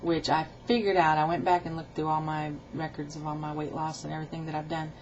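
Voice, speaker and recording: A woman's voice: deep voice, level tone, fast, darkish tone, a little hiss or hum. Chatty woman vlogger, lo-fi webcam sound. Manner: rambling, chatty storytelling with quoted dialogue. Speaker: weight-loss vlogger. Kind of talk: casual video diary.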